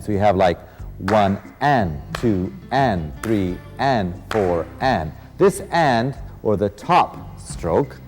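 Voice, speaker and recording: Low-voiced man teaching dance over music. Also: darkish tone, long reverb tail. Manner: counting beats aloud, encouraging. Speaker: dance instructor. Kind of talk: instructional teaching. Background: rumba music.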